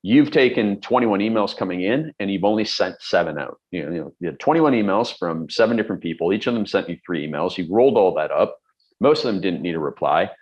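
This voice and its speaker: A man's voice: deep voice, lively intonation, quick pace, darkish tone, highs cut off. A middle-aged man coaching on productivity, talking bluntly and emphatically with everyday examples. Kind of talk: direct-to-camera advice talk.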